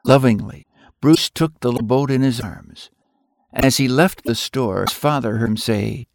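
A man's voice: mid-range voice, normal speed, creaky, no room sound, studio quality. A man reading a Christian story aloud expressively, acting out the characters and ending with a moral. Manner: expressive, acts out voices.

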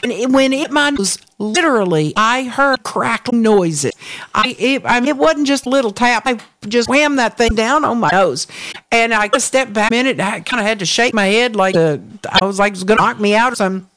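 Woman telling a lively faith story. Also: fairly high pitch, a little fast, no echo. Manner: animated testimony, lively storytelling. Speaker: co-host. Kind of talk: faith talk chat, storytelling.

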